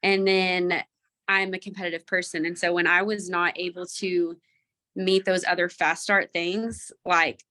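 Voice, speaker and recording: A woman on a video call shares her own story candidly and reflectively, sometimes drifting off track. Her voice sits on the lower side but has a bright, forward tone. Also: flat delivery, measured pace. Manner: candid, self-reflective, rambling. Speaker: team member sharing her story. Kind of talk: candid personal testimony.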